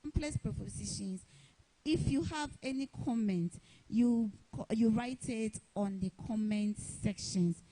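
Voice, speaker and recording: Woman teacher, slow deliberate delivery that repeats each example, mellow and fairly high voice. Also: poor audio. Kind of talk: televised English grammar lesson.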